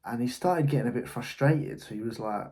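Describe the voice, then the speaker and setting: A man's voice: medium pitch, a little fast, a little mellow. A man, an agency owner telling a story in a casual vlog, blunt and swearing freely. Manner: blunt, swears freely, recounts a frustrating call.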